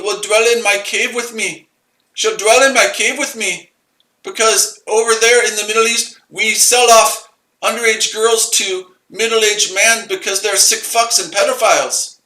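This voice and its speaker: A man voices a greedy male scammer with a fake Indian accent, high and piercing. He hammers the same broken-English demands again and again. The room around him rings with echo. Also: sharp tone, exaggerated voice. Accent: put-on Indian. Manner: repetitive, pushy, broken English. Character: mocking male phone scammer, pushy and greedy.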